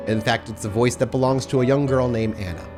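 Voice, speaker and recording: A man's voice: mid-range voice, fairly even intonation, fairly quick, over music. A man working as game master, narrating scenes to the players in the second person.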